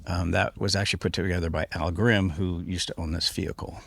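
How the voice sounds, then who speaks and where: A man's voice: low voice, level tone, brisk, gravelly, fairly bright tone, breathy edge. A man talking as a podcast guest in casual conversation, rambling with many fillers and restarts.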